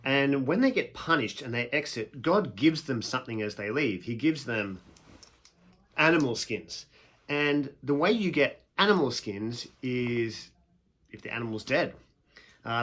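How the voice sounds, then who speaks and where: A young man giving a casual classroom video lesson, emphatic and self-deprecating, stretching out key phrases slowly. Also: mid-range voice, a bit bright. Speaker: teacher.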